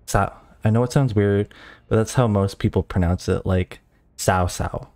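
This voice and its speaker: A man's voice: fairly low pitch, steady tone, moderate pace, warm tone. A young man livestreaming a strategy game, chatting casually and laughing often in a flustered, self-mocking way. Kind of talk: casual gaming stream chat.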